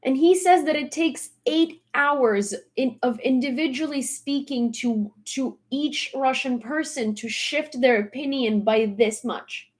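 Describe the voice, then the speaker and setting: A woman's voice: sits high, a little slow, hardly any pauses. A woman delivering a blunt, exasperated vlog rant, hammering her points home by repeating them. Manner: emphatic, repeating points for stress. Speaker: social media commentator.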